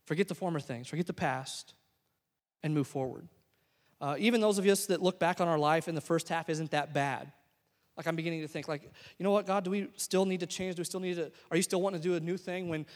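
High-voiced young man preaching in a hall. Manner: emphatic preaching, swings between loud exhortation and soft asides. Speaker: pastor. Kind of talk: sermon. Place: church sanctuary.

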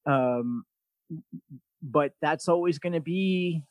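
Male podcast host, slightly high voice, dry close sound; blunt, profane and sarcastic storyteller. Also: takes it slowly, no echo. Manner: sarcastic, mocking asides. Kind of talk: casual podcast chat.

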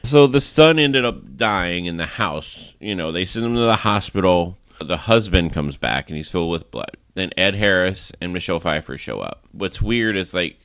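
A man's voice: sits low, lively intonation, moderate pace, hardly any pauses, fairly bright tone, no room sound. A man hosting a casual movie review podcast, recapping the plot in a rambling way with lots of "like" and laughs. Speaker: podcast host.

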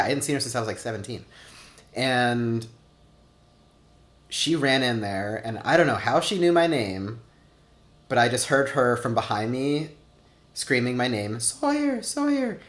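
A man in his thirties, interviewed for an oral history, talks casually about his own experiences, with many "like" fillers and quotes he acts out. He speaks at a medium pitch and normal speed, pausing often, with a fairly bright tone and a roomy echo.

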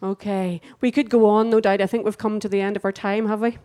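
Mellow-voiced woman leading group prayer. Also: medium pitch, flat delivery, a little fast. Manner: gentle, prompting, affirming. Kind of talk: guiding a group reflection.

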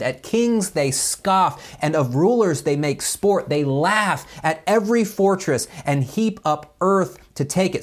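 A man preaching a sermon, reading scripture with lively voiced speeches and chatty asides full of fillers. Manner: animated, voices biblical speakers with pitch jumps. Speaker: pastor.

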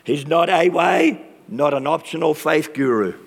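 A man preaching a sermon with passion and dramatic pauses, his voice strained from use. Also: fairly high pitch, creaky. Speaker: pastor. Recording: long reverb of a large hall.

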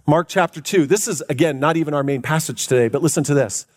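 A man preaching a sermon as pastor, emphatic, stretching key words out for effect. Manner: emphatic, drawn-out preaching with big pitch swings.

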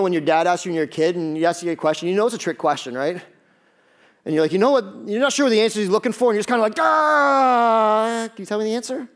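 Guy pastor with a high voice, chatty sermon, acts out the quotes. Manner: lively, conversational preaching with quick asides and acted-out quotes.

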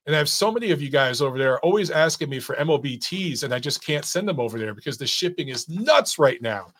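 A man's voice: fairly high pitch, lively intonation, quick pace, a bit bright, a little hiss or hum. A middle-aged man hosting a casual boxing live stream, reading chat comments in a loose, chatty way with lots of fillers and restarts.

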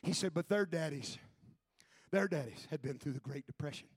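A man preaching a Pentecostal sermon, shouting his points with rising fervor and then dropping low to tell a story. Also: normal speed, slightly rough, dry recording. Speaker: pastor.

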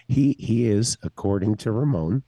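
A man's voice: on the low side, expressive, a little slow, mellow, no echo. A man, a regular on the podcast, calling in from abroad and chatting casually, loose and joking and swearing freely. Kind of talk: casual chat. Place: traveling abroad, calling in remotely.

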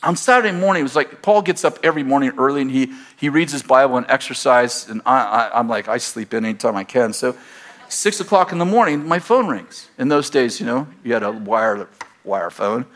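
A pastor telling a personal story in a sermon, acting out both sides of the conversation in an animated way. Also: male voice, medium pitch, brisk. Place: church.

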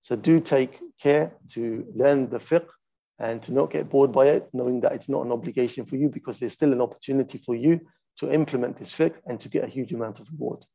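A man's voice: mid-range voice, a little fast, creaky, dark tone. A man teaching a lesson on a classical religious text, methodical and patient, stopping to demonstrate how each phrase is recited. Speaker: Islamic studies teacher.

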